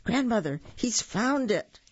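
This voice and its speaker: An eager, quick-witted young girl from a storybook, as a reader puts her on, pitched up and urgent. The voice keeps a gravelly edge and sounds dull and lo-fi. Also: animated, a little mellow. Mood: alarmed.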